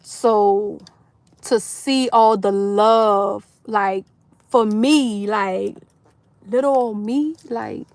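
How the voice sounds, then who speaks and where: A woman's voice: medium pitch, extremely slow, darkish tone, no echo. A woman hosting a casual livestream, emotionally thanking her viewers by name and tearing up with joy. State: tearful. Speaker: livestream host.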